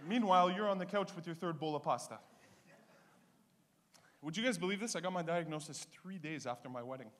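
A man, doing a stand-up comedy set with punchy, animated storytelling. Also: on the high side, brisk, pauses often. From Canada (Ontario).

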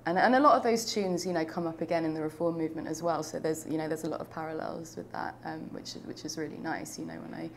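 A woman's voice: low-pitched, fairly even intonation, quick pace, vocal fry, few pauses, a little hiss or hum. A young woman from London, talking reflectively in an oral history interview, with frequent fillers and restarts. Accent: London English. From United Kingdom.

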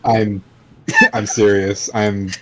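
A man's voice: on the low side, huge pitch swings, extremely slow, a bit bright, slight background noise. A man on a game stream call, talking in an earnest, pleading way. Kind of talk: casual chat.

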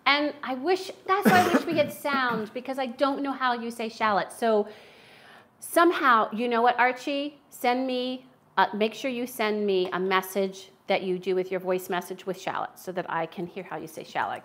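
A woman from the United States talks her way through a casual cooking livestream in her home kitchen, chatty and a little self-deprecating. Her voice sits at an ordinary middle pitch. Faint clinks of dishes and pans sound behind her. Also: moderate pace, fairly bright tone, a little hiss or hum. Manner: chatty and self-deprecating, talking while she cooks.

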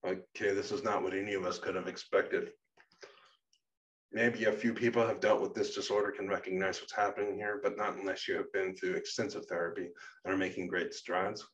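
Low-voiced man narrating a memoir. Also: level tone, brisk, far from the mic, dull audio. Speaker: narrator and author.

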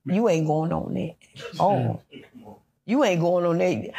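A woman's voice: fairly low pitch, sing-song, unhurried, warm tone. Rambling opinionated woman. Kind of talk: casual chat.

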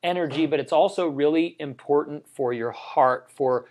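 A man's voice: a little high, moderate pace, a little mellow. A man co-hosting a live health show, talking enthusiastically and joking between points. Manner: enthusiastic and joking, tells personal anecdotes. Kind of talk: casual health chat on a livestream.

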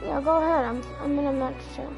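A woman's voice: high-pitched, steady tone, fast talker, vocal fry, music in the background. A woman streaming a game, chatting casually and saying dude a lot. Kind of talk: casual gaming commentary.

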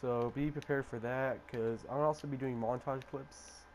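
A man's voice: steady tone, a little mellow. Young man vlogging casually, noisy background. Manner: low-key, halting, with many fillers. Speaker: gaming vlogger. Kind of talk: casual vlog chat. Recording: clear background noise.

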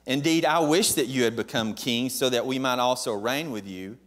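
A man's voice: mid-range voice, normal speed, a bit bright. A man preaching a sermon as pastor, emphatic and posing questions to the congregation.

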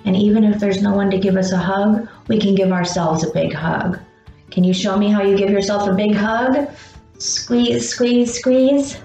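A woman teaching young children about feelings, speaking slowly and encouragingly and pausing for their answers. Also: medium pitch, little pitch movement, warm tone. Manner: slow, encouraging, pauses for answers. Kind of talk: gentle lesson for young children. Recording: dull roomy sound with faint music.

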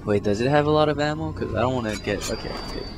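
A young man doing let's play commentary, swearing a lot and swinging from low mutters to panicked yelps. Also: quick pace, noisy background. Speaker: gameplay commentator. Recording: game music under the voice. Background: game music.

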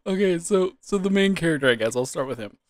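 A man's voice: on the high side, expressive, fast talker, no echo. Giggly man doing a quiz. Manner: giggly, breaking into helpless laughter. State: laughing to tears. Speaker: gaming YouTuber. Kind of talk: casual quiz commentary.

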